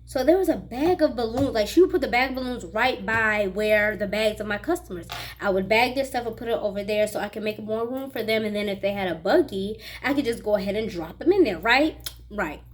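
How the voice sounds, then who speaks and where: A young woman vlogger telling a personal story in a chatty, animated way and speaking straight to her viewers. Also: mid-range voice, a little fast. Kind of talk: casual storytelling vlog.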